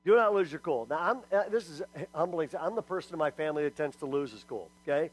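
A middle-aged man giving a lively sermon-style talk to parents. He is emphatic and humorous, and keeps asking the audience "okay?" after each point. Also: a little high, fast, slightly rough, rough recording. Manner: humorous storyteller. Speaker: speaker at a church parenting talk.

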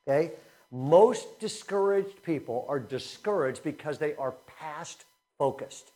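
Animated pastor preaching to his church. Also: a little high. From Southern California. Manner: animated storytelling with laughter, then slow earnest emphasis. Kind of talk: sermon. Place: church before a congregation.

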